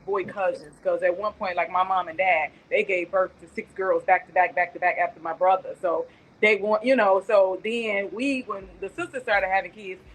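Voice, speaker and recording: A woman's voice: medium pitch, steady tone, moderate pace, poor audio. A woman guest on a talk show, chatting in a rambling, tender way while remembering her late nephew over a video call. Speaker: guest, aunt of the deceased.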